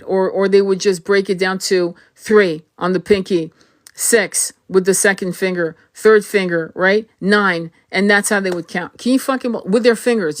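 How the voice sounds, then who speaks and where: Woman host chatting live to viewers; blunt, profane, throat sore and tired, sentences often restarted. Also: mid-range voice. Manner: blunt, swears freely, many restarts. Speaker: tarot reader hosting a live stream. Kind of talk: casual livestream chat.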